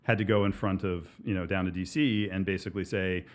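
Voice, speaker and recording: A male interview guest telling history stories in quick bursts, often restarting his sentences. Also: low-pitched, steady tone. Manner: rapid storytelling with many restarts.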